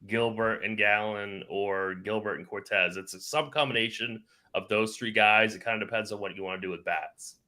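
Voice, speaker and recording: Blunt low-voiced man, bright tone. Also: fairly even intonation, moderate pace. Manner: short, blunt answers. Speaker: guest analyst. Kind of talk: casual live stream chat.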